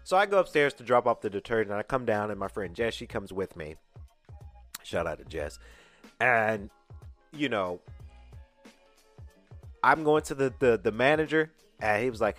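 Animated male podcast host telling a story. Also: on the low side, a little fast, soft background music. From Atlanta, USA. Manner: animated, emphatic retelling with quoted dialogue. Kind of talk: casual storytelling.

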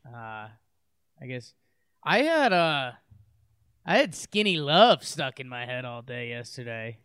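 A man's voice: mid-range voice, big pitch swings, slow, fairly bright tone, smooth, no room sound. A man co-hosting a casual talk show, rambling and hesitant, now and then breaking into goofy singing. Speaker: podcast co-host. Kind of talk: casual chat.

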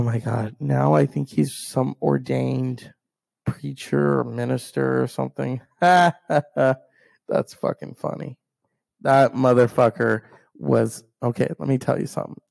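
Gravelly man in a profane rant. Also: mid-range voice. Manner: profane, heated ranting; animated storyteller who acts out others' lines. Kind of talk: ranting personal storytelling monologue.

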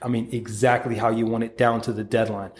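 A man's voice: lowish voice, flat delivery, a little fast. A man hosting a podcast, giving a casual, profane motivational monologue and acting out quoted voices. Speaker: podcast host.

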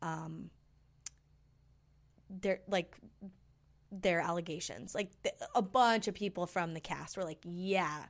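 A woman's voice: on the low side, slow pace, long pauses. A woman rattling off gossip in a loose, casual chat. She pads almost every phrase with "like" and "um" and often restarts her sentences. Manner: chatty, many fillers like "like".

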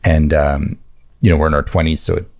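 A man's voice: extremely low pitch, little pitch movement, brisk, a little mellow. A man co-hosting a casual chat show, telling stories in a laid-back, joking way. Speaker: co-host.

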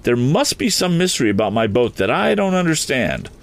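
An earnest young inventor, voiced by a male reader pitched well above the reader's own voice. He presses urgently and determinedly, and the lines leap around in pitch. A storybook hero in a hurry. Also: sing-song, a little fast, vocal fry. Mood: eager.

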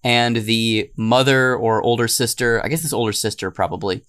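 Man, podcast co-host, casual chat, animated, bursts of loud quoting. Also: mid-range voice, normal speed, clean tone. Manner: animated, laughing, loud when acting out meme quotes.

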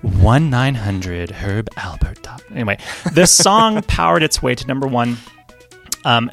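A man's voice: mid-range voice, vocal fry, pushed and bright. A man co-hosting a music podcast, presenting a chart fact in a chatty, jokey way and laughing often. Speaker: podcast co-host. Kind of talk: casual podcast chat.

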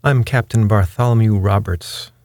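A man voicing a composed pirate captain who speaks in a polished gentleman's manner. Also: on the low side, normal speed, no echo, studio quality, lightly acted. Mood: cool, courtly. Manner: polished gentleman's speech, unflustered. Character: cool, genteel male pirate captain.

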